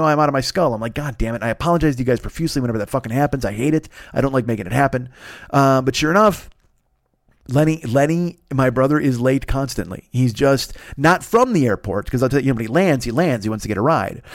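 A man hosting a podcast alone, hoarse and congested with a cold, rambling through a profane story. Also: medium pitch, dry recording, clean studio sound. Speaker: podcast host. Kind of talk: casual solo monologue.

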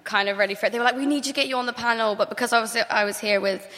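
A woman's voice: fairly high pitch, very fast, pushed and bright. A young woman with a British accent, a guest actor chatting casually and giggling often on a live panel, filling her talk with "like". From England. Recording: live theater stage mic with long hall reverb.

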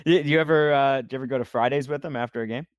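A man's voice: medium pitch, racing, dry recording, highs cut off. Casual male podcast host, dry sound. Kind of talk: interview questions.

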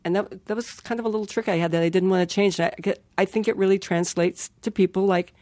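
A woman's voice: mid-range voice, fairly even intonation, fast talker, a little mellow, no room sound. Playful older woman, dry close sound. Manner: playful, self-mocking, laughs often. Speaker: guest. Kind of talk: casual interview chat.

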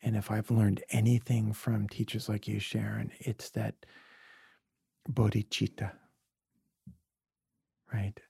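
Gravelly, husky man telling heartfelt stories. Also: on the low side, little pitch movement, slow pace, long pauses, dry recording, clean studio sound. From Brooklyn, USA. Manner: reflective, heartfelt, drops softly to near-whisper at times. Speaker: podcast guest. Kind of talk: earnest conversational storytelling.

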